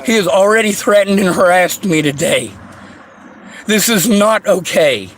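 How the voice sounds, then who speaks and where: A man shouting over and over for help during a police encounter, then speaking in a clipped, insistent way. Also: high voice, animated, measured pace, slight background noise, low-quality recording. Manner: desperate repeated shouting. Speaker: person recording a police encounter.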